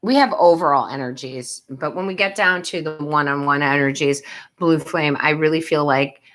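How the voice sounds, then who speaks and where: Speaking at a moderate pace, this woman has a low, somewhat bright voice. She's a tarot reader and medium doing live-stream readings, laughing often and addressing her viewers as love and sweetheart while chatting with them.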